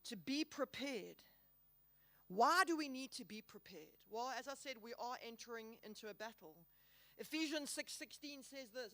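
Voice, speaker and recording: A woman's voice: fairly high pitch, expressive, sharp tone, no echo. Earnest woman giving a faith talk. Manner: earnest, emphatic, slows down to stress key words. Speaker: conference speaker. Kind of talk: Christian conference talk. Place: hall.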